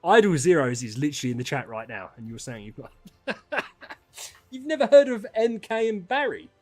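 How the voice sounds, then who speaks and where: A man streaming casual chat with viewers, ranting and swearing, dropping to mutters and then rising to loud outbursts. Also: a little high, sing-song, normal speed, soft background music.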